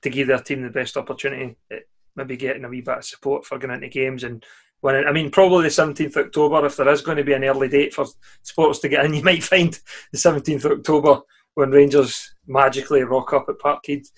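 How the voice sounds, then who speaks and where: A man's voice: medium pitch, flat delivery, quick pace. A Scottish man co-hosting a casual football podcast, chatty, swearing freely and laughing often. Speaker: podcast co-host.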